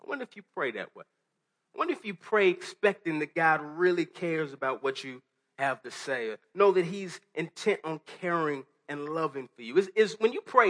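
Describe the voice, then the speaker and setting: A man's voice: high-pitched, animated, fairly quick, a bit bright. A man preaching a sermon to a congregation, talking earnestly and conversationally with restarts and rhetorical questions. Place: church hall before a congregation.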